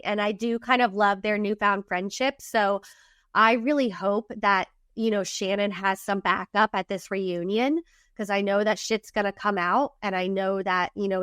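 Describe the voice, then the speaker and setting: A woman's voice: medium pitch, fairly bright tone, clear, resonant tone, no room sound, studio quality. A woman co-hosting a casual recap podcast, talking in an indignant, emphatic way. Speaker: podcast co-host.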